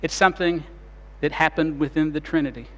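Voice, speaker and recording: A man preaching a sermon as pastor, retelling scenes dramatically and shifting between loud and soft delivery. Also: fairly high pitch, steady tone, fairly quick, in a large hall.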